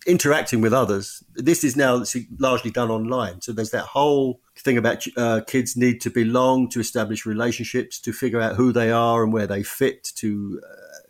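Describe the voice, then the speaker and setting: A man speaks as a guest author in a long-form interview. His pitch sits in a plain middle range. He talks in a halting, reflective way, breaking off and restarting his sentences as he works through his ideas. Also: steady tone. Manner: thoughtful, halting, frequent restarts. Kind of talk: podcast interview.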